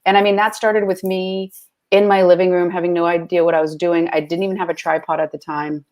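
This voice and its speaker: A woman's voice: fairly low pitch, level tone, brisk, darkish tone. A woman guest in casual conversation, talking freely and chattily with lots of fillers. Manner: chatty, full of fillers like "like" and "you know".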